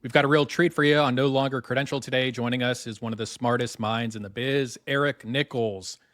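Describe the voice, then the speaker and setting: A man's voice: medium pitch, steady tone, brisk, fairly bright tone, no echo, clean studio sound. A middle-aged man co-hosting a sports podcast, with jokey, sarcastic banter and mock ad reads. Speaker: podcast co-host.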